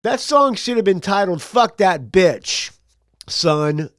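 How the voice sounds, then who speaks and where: A man's voice: sits high, expressive, slow pace, fairly bright tone. A man hosting a music podcast, chatting in a loose, rambling, laid-back way while sipping beer. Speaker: podcast host reading music news. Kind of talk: loose, rambling casual chat.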